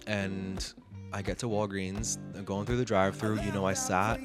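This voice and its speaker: Chatty low-voiced man over guitar music. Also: moderate pace. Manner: chatty, animated, reenacts conversations; slangy and sassy. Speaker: vlogger. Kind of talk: casual storytelling monologue. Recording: music playing underneath.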